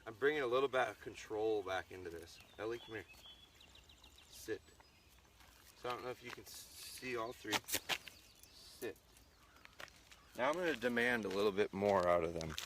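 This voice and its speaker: A fairly low-voiced man talks casually to viewers while working his dogs outdoors on a farm, breaking off for short, firm heel and sit commands. His phone or tripod camera picks up noticeable outdoor noise. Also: normal speed, pauses often, a bit bright. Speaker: dog trainer. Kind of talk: live outdoor training stream. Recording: noisy outdoor livestream.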